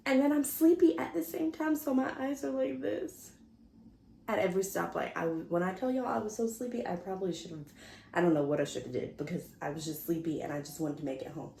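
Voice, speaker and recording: This vlogger speaks a little fast in a gravelly, lowish voice, with slight background noise in the echoey room. She's animated and chatty, talking casually to the camera as she tells a story and performs other people's lines.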